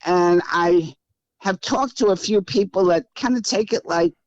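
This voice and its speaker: A woman's voice: fairly low pitch, measured pace, a little mellow, no room sound, muffled recording. A woman in her eighties with a Brooklyn accent, speaking as a guest in a casual interview from her house. She talks in a brassy, wisecracking, blunt way. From Brooklyn, New York. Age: 80s. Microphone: remote call.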